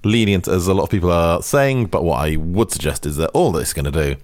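A man co-hosting a podcast, rambling through jokes in a dry, deadpan way. His voice sits low, yet it swings widely as he tells a story. The sound is close and dry, with no room around it. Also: fast, no echo. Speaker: podcast co-host. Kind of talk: casual chat.

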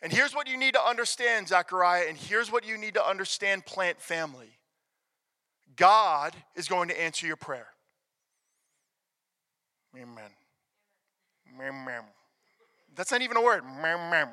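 A man preaching a sermon, emphatic, swinging from loud declarations to hushed near-whispers. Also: high-pitched, expressive, fairly quick. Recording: long reverb of a large hall.

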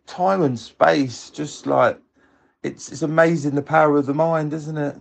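A man, telling a personal story in a reflective, tender, unhurried way. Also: a little high, steady tone, vocal fry.

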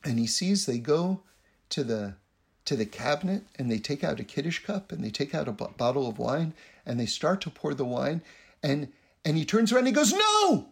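Gravelly man telling a story. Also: mid-range voice, expressive, moderate pace. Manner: acts out quoted voices, laughs between lines. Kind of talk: animated storytelling talk.

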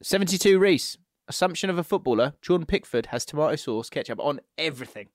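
A man's voice: a little high, animated, fast talker, dry recording, clean studio sound. A man hosting a casual podcast, chatty and laughing as he reads listener messages aloud. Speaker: podcast host.

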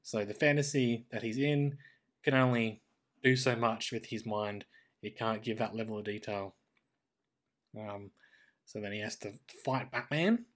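An Australian man chatting casually as a podcast co-host, animated and talkative about a cartoon episode. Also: lowish voice, a little slow, long pauses. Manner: chatty, animated when quoting characters. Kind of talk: casual chat reviewing a cartoon.

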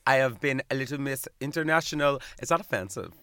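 Animated, bright-voiced man podcast host. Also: mid-range voice, fast talker, clear, resonant tone, dry recording. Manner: animated, camp, playful. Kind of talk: casual chat.

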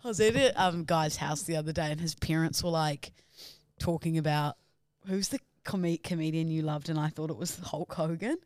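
A woman with a thick New Zealand accent and a deep voice, co-hosting a podcast in jokey, swearing banter. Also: moderate pace, darkish tone, no echo, clean studio sound. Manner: laughing, jokey, swears freely. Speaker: podcast co-host. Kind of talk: casual banter.

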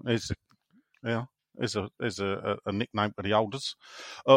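A man's voice: lowish voice, steady tone, moderate pace, no echo, clean studio sound. A man hosting a podcast, reading out listener messages and joking bluntly between them. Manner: jokey, cheeky and blunt. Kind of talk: casual chat.

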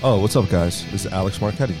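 A man's voice: on the low side, fast, over music. A man co-hosting a casual podcast, playful and goofy, breaking into sing-song bits. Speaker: podcast co-host.

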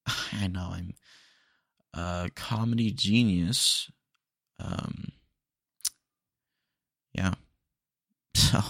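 A young man hosting his own podcast, rambling along in a loose, joking way. His voice sits low with plenty of gravelly fry, yet his pitch moves around a lot as he talks. The sound is dry and close, with no room around it. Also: a bit bright, dry recording. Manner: laid-back, rambling, jokey. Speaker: podcast host. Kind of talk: solo casual podcast talk.

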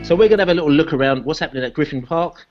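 A man's voice: on the high side, racing, muffled recording, over music. A man hosting a casual football podcast, running through the news and passing questions to his co-hosts. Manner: leads the talk, hands questions to the panel. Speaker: podcast host.

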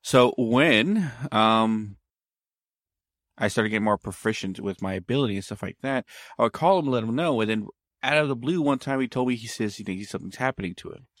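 A man's voice: medium pitch, lively intonation, brisk, fairly bright tone, no echo, studio quality. A man telling a story in casual conversation, meandering and often backtracking to explain himself.

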